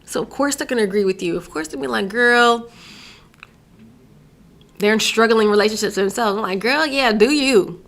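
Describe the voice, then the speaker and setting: A young adult woman from Virginia hosts her own podcast and talks straight to her listeners. Her commentary is sassy, emphatic and full of opinion, and her voice sits at a middling pitch. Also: racing, hardly any pauses. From Virginia, USA. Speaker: podcast host.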